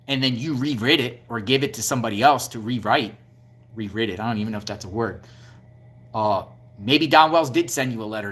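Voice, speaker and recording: A man talking straight to his channel in casual true-crime commentary. He is combative and keeps repeating his points, stacking up rhetorical questions. His voice sits at an everyday middle pitch. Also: fairly bright tone. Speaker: YouTube commentator.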